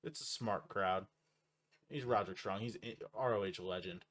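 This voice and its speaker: Lower-voiced blunt man on a podcast. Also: a bit bright. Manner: blunt, swears often, quick laughs. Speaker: podcast co-host. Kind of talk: casual wrestling chat.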